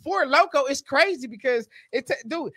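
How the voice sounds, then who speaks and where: A high, lively male voice that leaps all over the place while he hosts a podcast. He grills and teases his guest loudly, with plenty of profanity. The sound is close and dry, with no room around it. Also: moderate pace, no room sound. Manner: loud, animated, profane teasing and cross-examining. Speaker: host. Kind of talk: casual podcast banter.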